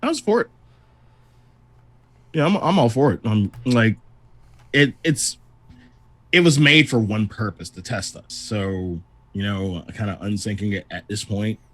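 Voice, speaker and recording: A man's voice: on the low side, unhurried, long pauses, a bit bright. A man co-hosting a casual gaming podcast with a wry, joking manner. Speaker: podcast co-host.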